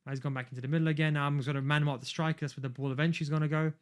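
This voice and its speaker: A man's voice: a little high, steady tone, rapid-fire, clean tone. A man giving a casual, rambling gameplay tutorial while he plays. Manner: rambling, chatty, talks while playing. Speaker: video game coach.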